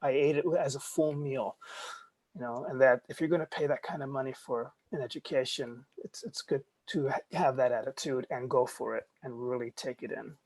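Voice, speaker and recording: A man's voice: mid-range voice, moderate pace, a little mellow. A middle-aged man from Germany with a faint German accent, an actor chatting thoughtfully on a video-call panel, hesitating often with ums. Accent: slight German.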